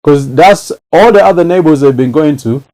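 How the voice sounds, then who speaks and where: A man's voice: a little high, normal speed, darkish tone, rough recording. A man in casual chat who talks emphatically and repeats phrases to drive a point home.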